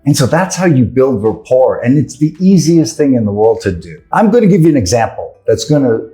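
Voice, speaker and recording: A man from New York with a New York accent, giving a brisk, earnest sales training talk and asking rhetorical questions. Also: medium pitch, sing-song, dark tone, faint music behind. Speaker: sales coach.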